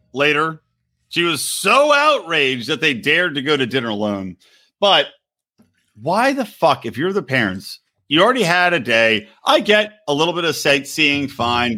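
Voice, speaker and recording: A man chatting on a podcast with a bright, forceful voice and a lot of swing in his pitch. He rants with plenty of profanity and sits a little higher than most men. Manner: animated, profane ranting. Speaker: podcast co-host. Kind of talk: casual chat.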